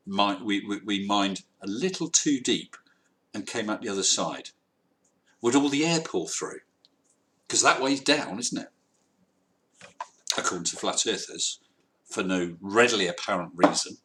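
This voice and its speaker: A man's voice: on the low side, sing-song, a little slow, long pauses, a bit bright. A man hosting a live stream, chatting casually and wryly reading out viewer comments. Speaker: livestream host.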